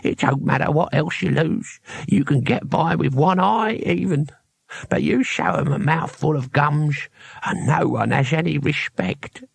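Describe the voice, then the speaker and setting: Male narrator voicing a rough old toothless hero, gravelly and husky, dry close sound. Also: on the high side, measured pace, no echo, exaggerated voice. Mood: rueful. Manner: mutters, grumbling.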